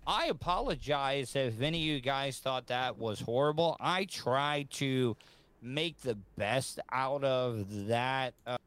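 A man's voice: medium pitch, slow, a bit bright, clean tone, no echo. A podcast host apologizing hesitantly to his listeners as he signs off his show. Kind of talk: clip of a podcast sign-off.

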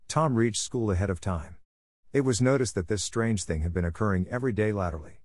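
A man with a fairly low voice reads a story aloud in a measured, expressive way. His voice sounds close and dry, with no room behind it. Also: dry recording. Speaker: narrator. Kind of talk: audiobook reading.

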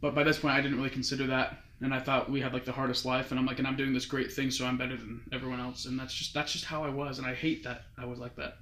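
A young man, a guest recounting his mission, tells a long story casually in a mid-range, level voice that sounds pushed and bright. He talks fast with hardly any pauses, rambling and repeatedly quoting others with "he's like." There's a roomy echo on the recording.

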